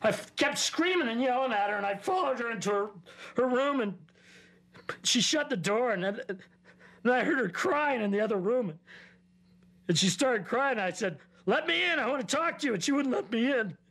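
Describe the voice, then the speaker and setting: A man's voice: mid-range voice, normal speed, a bit bright, close to an everyday voice. A man acting as a stressed father confiding in a therapist, with a mid-range voice. He halts, restarts and repeats his words as he explains his drinking. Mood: agitated. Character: stressed middle-aged father who drinks, defensive. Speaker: therapy client. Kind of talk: simulated therapy session.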